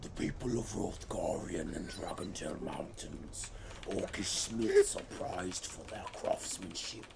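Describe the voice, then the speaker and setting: A man's voice: very deep voice, lively intonation, takes it slowly, creaky, whispered. A man on a podcast reading video game lore aloud in a playful way, often breaking into laughter. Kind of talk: joking reading of game text in put-on voices. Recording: noisy stream audio.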